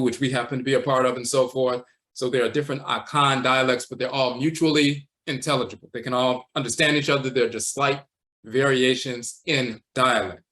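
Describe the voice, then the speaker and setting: A man teaching a livestream lecture, walking slowly through words and terms, repeating them and often tacking on "and so forth.". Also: mid-range voice, fairly bright tone. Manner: measured, repeats terms and says "and so forth" a lot. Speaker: teacher of a spiritual tradition.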